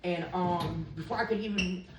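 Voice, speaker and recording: This interviewee's voice is lowish and moves at a moderate pace as she shares a frank recovery story. She wanders through it, repeating lines others said to her, and the distant mic gives a roomy sound with background noise.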